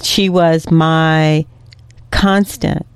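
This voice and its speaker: A woman's voice: low voice, fairly even intonation, extremely slow, clean tone, no room sound. A woman hosting a radio talk show, speaking in an earnest way about something personal. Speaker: host.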